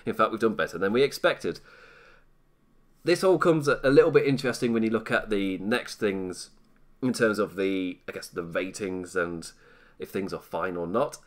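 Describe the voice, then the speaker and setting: A man's voice: lowish voice, normal speed. A British man hosting a live stream, commenting casually in a rambling, self-mocking way and laughing often.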